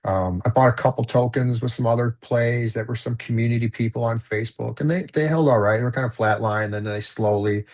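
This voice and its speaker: A man's voice: medium pitch, fairly quick, few pauses, darkish tone. A man telling a personal story as a guest in a casual conversation, rambling with lots of fillers and restarts. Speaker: podcast guest.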